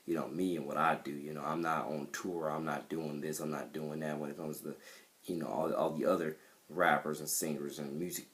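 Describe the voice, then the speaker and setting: Super deep voiced guy rambling about his songs, lots of ums and restarts, sure of himself. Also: flat delivery, brisk, fairly bright tone. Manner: rambling, repeats himself, many fillers; self-assured about his music. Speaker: independent rapper. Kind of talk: casual monologue to camera.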